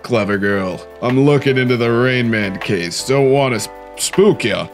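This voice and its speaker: A man voicing a grave middle-aged police detective in a game, speaking low and slow with a warning tone, while faint game music plays behind. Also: natural voice. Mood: ominous.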